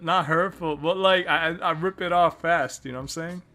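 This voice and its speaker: A man's voice: on the high side, fairly even intonation, moderate pace, bright, forceful tone. A man with a Canadian accent hosting a podcast, telling a travel story in a rambling way with many restarts and fillers. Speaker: podcast host.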